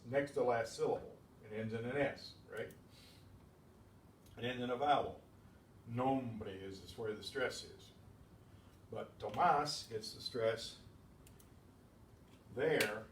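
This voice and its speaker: A man teaching a beginners Spanish class, explaining patiently with slow, repeated examples. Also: medium pitch, slight background noise. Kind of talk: classroom lesson. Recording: echoey room, distant mic.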